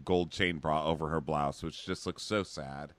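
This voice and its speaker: A man's voice: a bass voice, steady tone, normal speed, a bit bright, no echo. A man co-hosting a podcast, recapping a show in a sardonic, profane, gossipy chat. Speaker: podcast co-host.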